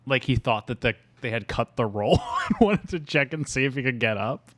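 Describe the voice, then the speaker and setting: Chatty laughing man, lively delivery. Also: mid-range voice, moderate pace, no room sound. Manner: chatty, laughs often, full of trivia asides. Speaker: podcast co-host. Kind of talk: casual movie-discussion chat.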